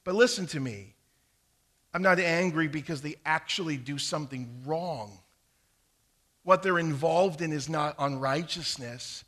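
A man preaching a sermon, swinging between loud emphatic stretches and quiet low asides, with a few stumbles and restarts. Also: a little slow. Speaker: pastor.

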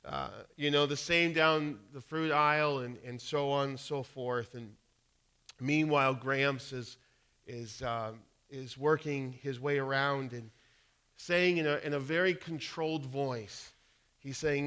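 A male pastor delivers a conversational sermon and weaves in stories as he goes. His voice is bright and forceful, pitched a little high. He often restarts his phrases as he talks. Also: a little slow, clean tone. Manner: conversational, storytelling, frequent restarts.

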